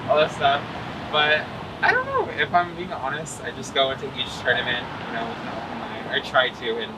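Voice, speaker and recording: A man from New Hampshire chats easily in an interview, his voice at an ordinary middle pitch. He laughs often and leans on fillers as he talks. A steady hum of air conditioning and background noise sits under the recording. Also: brisk. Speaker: interview guest, competitive gamer. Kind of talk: casual interview chat.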